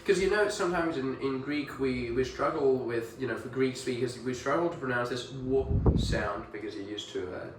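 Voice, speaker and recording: A man with a British accent coaching pronunciation one-on-one, modelling words slowly and encouraging the learner. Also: medium pitch, reverberant, distant mic, slight background noise, low-quality recording. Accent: British English. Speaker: English pronunciation tutor.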